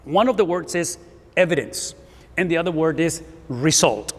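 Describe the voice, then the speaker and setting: A man's voice: a little high, lively intonation, moderate pace. A man in his fifties, a native Spanish speaker with a Spanish accent, preaching an emphatic sermon and often repeating words for stress. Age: 50s. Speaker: pastor. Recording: hall reverb.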